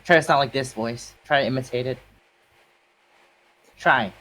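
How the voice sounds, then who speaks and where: A man's voice: mid-range voice, moderate pace, sharp tone, rough recording. A man bantering casually on a stream, teasing and swearing freely. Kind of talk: casual chat.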